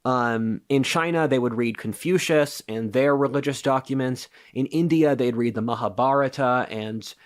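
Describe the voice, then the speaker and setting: Guy on a podcast laying out his ideas, confident lecturing tone, mid pitch. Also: moderate pace, few pauses. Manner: assertive, lecturing explanations. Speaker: podcast guest. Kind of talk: casual interview talk.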